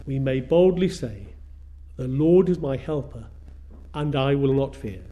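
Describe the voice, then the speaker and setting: A man preaching a sermon in a measured way, repeating phrases for emphasis. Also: medium pitch, expressive, narrow, tinny audio.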